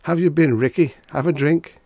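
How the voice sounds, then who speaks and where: Man putting on a high, flustered tipsy young fop. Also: moderate pace, a little mellow, no echo, studio quality. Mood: cheery tipsy. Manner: flustered, indignant, blurting exclamations. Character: tipsy, excitable foppish young man-about-town.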